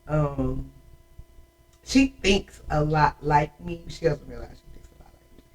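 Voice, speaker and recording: A woman in her forties hosting a casual chat, telling animated, emotional stories about her family. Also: deep voice, a little slow, distant mic, rough recording. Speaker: host.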